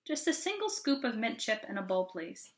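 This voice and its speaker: A woman's voice: on the high side, big pitch swings, moderate pace. A woman voicing a sassy preteen girl.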